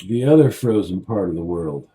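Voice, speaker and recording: A man's voice: low voice, normal speed. A man co-hosting a casual beer review show, telling profane stories and acting out quotes in mock voices. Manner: animated storyteller who acts out quotes in mock voices.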